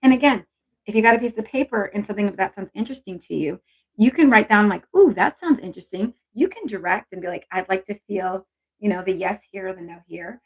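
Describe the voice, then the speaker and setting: A woman's voice: mid-range voice, fast, breathy edge, low-quality recording. A woman hosting a casual live stream on intuition, chatty and encouraging as she reads viewer comments aloud.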